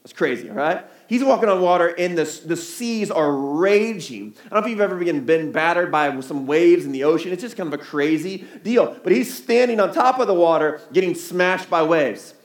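High-voiced man preaching in an echoey church. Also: animated, normal speed, hardly any pauses. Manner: conversational, asks the crowd rhetorical questions. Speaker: pastor. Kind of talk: sermon. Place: church hall.

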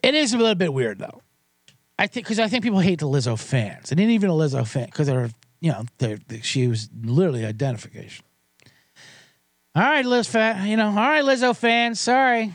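A man's voice: high voice, animated, a little fast, dry recording, studio quality. A man hosting a podcast, ranting in a profane, sarcastic and rambling way with many restarts. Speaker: podcast host. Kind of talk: comedic rant.

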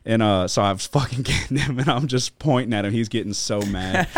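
With a mid-range voice, this male podcast host talks fairly quickly with few pauses, rambling through casual stories stuffed with profanity and filler. The recording is studio quality with no echo.

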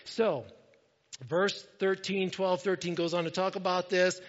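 A man delivers a lively sermon in a high voice, joking with his congregation as he goes. The sound is dull and lo-fi. A long reverb trails each line, as in a large hall. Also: a little slow. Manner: animated, jokey preaching with asides to the congregation. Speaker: pastor.

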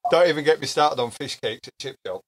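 A man's voice: medium pitch, quick pace, over a noisy crowd. A man with a Yorkshire accent hosting a podcast, chatting casually in broad dialect and laughing often. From South Yorkshire, England. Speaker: podcast host. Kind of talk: casual chat.

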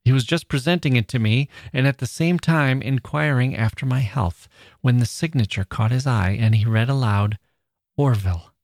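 A podcast host, a man, reading a passage from an old novel in a measured, expressive way. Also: mid-range voice, gravelly, no room sound, studio quality.

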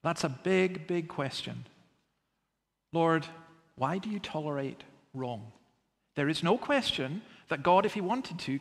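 Man, preacher, sermon, earnest, emphatic, rhetorical questions, slightly high voice, long hall reverb. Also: vocal fry.

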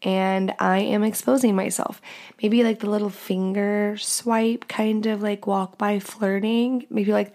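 A young woman hosts her podcast alone, chatting frankly and crudely and breaking into laughter now and then. Her voice sits at a middle pitch with a gravelly edge. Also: little pitch movement, a little slow, a little mellow. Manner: candid, crude and joking, laughs often. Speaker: podcast host. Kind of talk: casual solo podcast talk.

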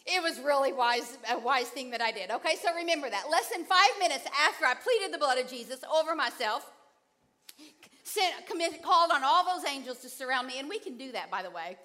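A middle-aged woman preaching a sermon with a high, bright and lively voice. She tells a personal story with animation, acting out her own fright and her husband's unruffled answers, and she lets the pace run fast and then slow.

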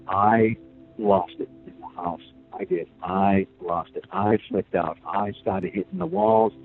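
Grandfather on a tinny phone line. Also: medium pitch. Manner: halting, many fillers, acts out quotes. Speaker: interview guest, grandparent. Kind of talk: emotional phone interview. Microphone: phone call.

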